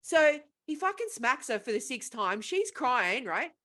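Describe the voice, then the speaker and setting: A woman's voice: high-pitched, sing-song, unhurried, sharp tone. A woman co-hosting a casual podcast, retelling a film plot in a profane, rambling way. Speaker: podcast co-host.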